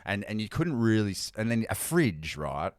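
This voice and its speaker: Man, deep voice, casual podcast chat, animated storytelling, dry close mic. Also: moderate pace, no room sound. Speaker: podcast co-host.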